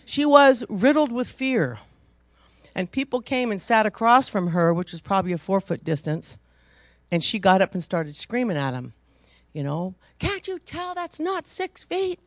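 A woman preaching a sermon, telling a personal story conversationally and rising into loud, emphatic preaching. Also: medium pitch, normal speed, no echo.

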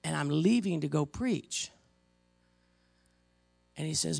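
A woman preaching a sermon, emotional and halting, pausing between stressed words. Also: sits low, expressive, warm tone, no room sound. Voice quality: gravelly.

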